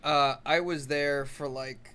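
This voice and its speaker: Smooth-voiced laid-back podcast co-host man. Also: on the high side, steady tone, slow, bright, forceful tone. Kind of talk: casual chat.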